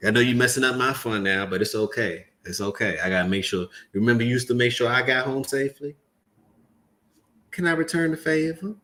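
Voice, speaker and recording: A man hosting a commentary show, reacting to a clip and lecturing viewers in an animated, preachy way; English is his second language. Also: medium pitch, brisk. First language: not English.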